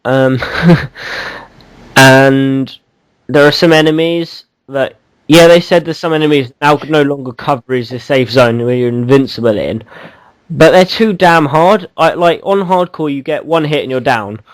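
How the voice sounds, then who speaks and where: A man's voice: fairly high pitch, a little slow, dry recording, poor audio. A man co-hosting a casual gaming podcast, rambling and teasing, with lots of ums and restarts. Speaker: podcast co-host.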